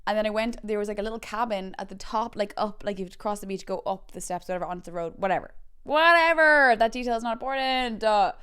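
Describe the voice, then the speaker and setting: A woman's voice: racing, hardly any pauses, smooth. Chatty young Irish woman telling funny stories. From Ireland. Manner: chatty, animated, acts out quotes with big pitch jumps. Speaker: podcast host. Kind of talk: comic storytelling.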